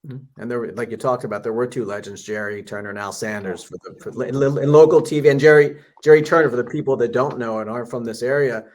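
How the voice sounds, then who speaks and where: A man's voice: mid-range voice, fast, hardly any pauses, a little mellow. A man hosting a podcast interview who draws out motivational lessons in an encouraging way. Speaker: podcast host. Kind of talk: interview conversation.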